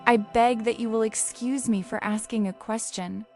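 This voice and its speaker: A gentle young boy prince, curious and polite, who asks his questions with quiet wonder, voiced by a woman reading a storybook. His voice sits a little higher than hers, with faint music underneath. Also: steady tone, normal speed, close to an everyday voice.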